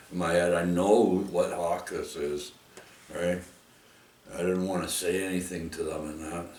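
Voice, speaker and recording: Slow, deep-voiced man rambling. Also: far from the mic, slight background noise. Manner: rambling, with frequent "eh?" and "right?" tags. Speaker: vlogger telling a personal story. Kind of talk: casual storytelling. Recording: echoey room, off the mic.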